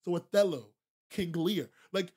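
A man's voice: high voice, a little slow, darkish tone, slightly rough. A man hosting a podcast, talking bluntly and casually to his stream chat, swearing freely and repeating himself for emphasis, laughing often. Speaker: podcast host.

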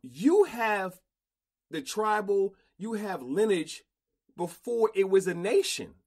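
A man hosting a casual podcast interview, slangy and animated, often repeating himself. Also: sits high, slow pace. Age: older. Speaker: podcast host.

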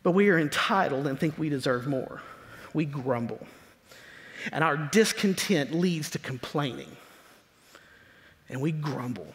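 A man preaching a sermon as pastor, leaning hard on key words and slowing down to stress them, sometimes dropping into a low mutter to mimic complainers. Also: animated, a little hiss or hum. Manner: emphatic preaching with slow drawn-out stresses. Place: church sanctuary. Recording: long church hall reverb.

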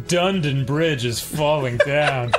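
A man's voice: fairly high pitch, extremely slow, faint music behind. A man teasing his co-host and laughing easily while commentating a video game. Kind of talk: laid-back let's-play banter.

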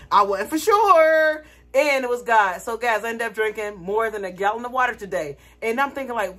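Husky-voiced woman telling a story. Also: a little high, fairly quick. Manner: animated, dramatic retelling with laughter. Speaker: vlogger. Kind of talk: casual storytelling vlog.

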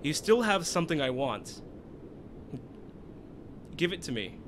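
A cold, menacing demonic child spirit from a video game, as a man puts it on while reading the lines aloud. The delivery is slow, low and ominous, each phrase drawn out. The voice itself sits a little high for a man. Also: big pitch swings, a bit bright, a little hiss or hum.

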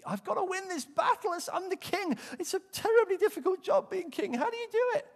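A man putting on a fretful, squeaky, overwhelmed old king. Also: animated, a little fast, big-room sound. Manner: high, strained, fretful. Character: anxious overburdened male ancient king.

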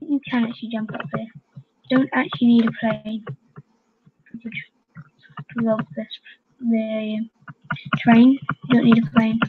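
A woman hosting a gaming channel, chattering excitedly to her fellow players as she plays. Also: fairly high pitch, unhurried, long pauses, background noise. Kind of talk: casual gameplay commentary. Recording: dull lo-fi home recording.

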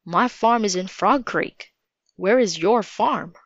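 A woman's voice: mid-range voice, slow pace, no echo. A woman voicing a stern male soldier captain in a storybook reading. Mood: friendly. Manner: commanding, then softening. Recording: dull lo-fi recording.

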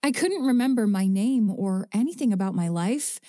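Mellow woman reading an audiobook. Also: medium pitch, lively intonation, normal speed, no room sound, studio quality. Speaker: audiobook narrator. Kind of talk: first-person audiobook narration.

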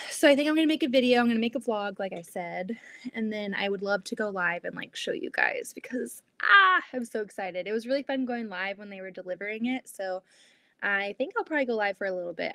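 A woman's voice: on the high side, dry recording. A woman hosting a quilting livestream from her home basement, reading comments aloud in a chatty, giggly way full of restarts. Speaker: quilting channel host.

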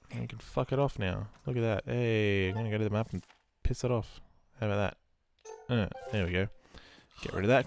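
Sleepy, yawning man with a low voice. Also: a little hiss or hum. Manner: rambling, swears freely, self-mocking. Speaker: gameplay commentator. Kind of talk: casual let's-play commentary.

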